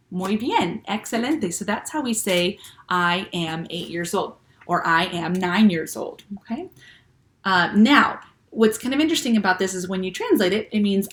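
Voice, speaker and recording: A woman teaching young children, speaking slowly and clearly and checking often with "okay?". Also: mid-range voice. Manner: patient, slow and clear, with many "okay?" checks. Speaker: Spanish teacher. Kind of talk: classroom lesson for children.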